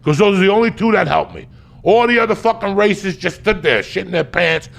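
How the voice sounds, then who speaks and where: A man from the New Jersey and New York area telling a comedic story as a podcast guest, loud and profane, swinging from shouts to low mutters. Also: a little fast, gravelly.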